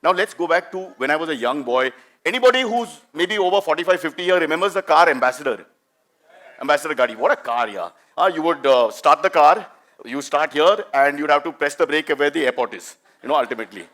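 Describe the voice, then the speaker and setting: A middle-aged man with an Indian English accent tells stand-up stories at a brisk clip. His voice sits a little high for a man. He talks in a lively, chatty way and keeps teasing his audience. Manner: animated, chatty, teases the audience. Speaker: stand-up comedian. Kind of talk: live stand-up storytelling.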